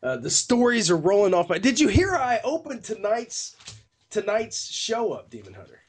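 A fairly high-voiced man co-hosting a paranormal talk radio show. His pitch rises and falls in a lively way as he chats casually, gushing with enthusiasm and tossing in "man" again and again. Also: normal speed, crowd noise. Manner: enthusiastic, effusive, says "man" a lot.

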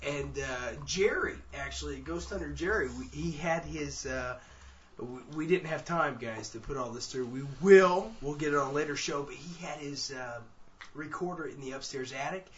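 A man co-hosting a ghost-hunting talk show, bantering and teasing. His voice is bright and a bit high. The recording sounds dull and lo-fi. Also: normal speed, distant mic, a little hiss or hum. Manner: playful, teasing, drops to a hushed spooky tone. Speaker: paranormal investigator co-host. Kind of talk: joking radio show banter.

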